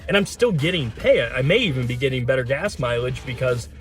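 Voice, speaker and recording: A man's voice: medium pitch, animated, fairly quick, soft background music. A man hosting a casual explainer video, talking plainly with frequent fillers and restarts. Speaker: host.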